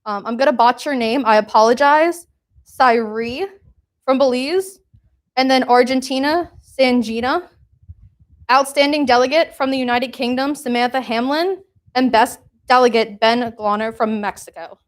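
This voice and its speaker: Young woman, committee chair, award speech, emotional, slightly high voice. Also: normal speed. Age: young adult. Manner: emotional, trying not to cry.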